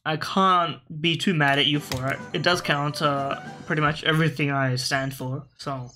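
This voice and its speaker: Bright-voiced man musing over a game. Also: a little high, steady tone, normal speed, soft background music. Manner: rambling, self-correcting, talks to his game pieces. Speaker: gaming video host. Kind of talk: casual gameplay commentary.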